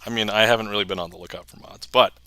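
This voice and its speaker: A young male streamer with a bright, forceful voice chats casually with his viewers, laughing often as he replies to chat. His voice sounds dry and close, with no room echo. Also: on the low side, steady tone, racing, smooth. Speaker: magic livestreamer.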